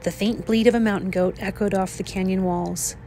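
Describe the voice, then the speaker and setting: A woman, a teacher, reading a children's picture book aloud in a clear, expressive way. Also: mid-range voice, brisk, a little hiss or hum. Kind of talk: read-aloud storybook narration.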